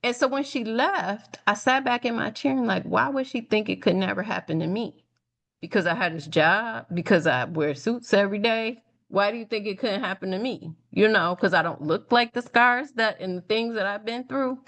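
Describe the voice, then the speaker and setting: A woman's voice: mid-range voice, normal speed. A middle-aged woman from Detroit telling her story as an interview guest, acting out the voices of people she quotes and laughing easily. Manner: animated, acts out quoted dialogue, laughs easily. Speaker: guest, nonprofit founder and speaker. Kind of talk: conversational storytelling.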